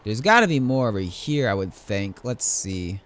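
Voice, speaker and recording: A man's voice: on the low side, sing-song, moderate pace, a bit bright. A young man giving casual, playful commentary while playing a game and talking to the enemies he fights. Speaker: gaming YouTuber.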